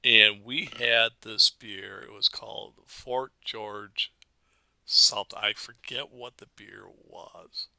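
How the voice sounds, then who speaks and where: A man's voice: lowish voice, steady tone, slow, vocal fry, pushed and bright, dry recording. A middle-aged American man and father, chatting casually on a podcast and rambling through stories with frequent laughs. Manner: rambling, storytelling, laughs often. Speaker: co-host, father.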